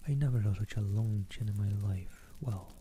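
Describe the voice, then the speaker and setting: A man reading aloud, softly voicing a giddy, boastful teenage girl. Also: lowish voice, moderate pace, slight background noise, lightly acted. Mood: gossipy. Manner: soft, hushed reading voice.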